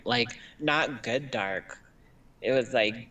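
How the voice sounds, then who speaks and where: A man's voice: mid-range voice, fairly even intonation, a little slow, pushed and bright, recorded from a distance. A man in casual chat, blunt and swearing, telling comedy stories.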